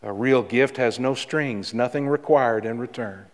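A man pastor preaching a sermon in a church, with dramatic pauses and repeated words for emphasis. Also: medium pitch, long reverb tail. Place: church sanctuary.

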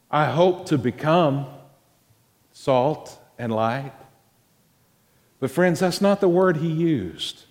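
A man preaching a sermon as pastor, swinging between loud, high emphasis and quiet, drawn-out words. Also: lively intonation. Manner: dramatic swings in pitch and volume, drawn-out emphasis. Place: church sanctuary. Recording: long reverb of a church hall.

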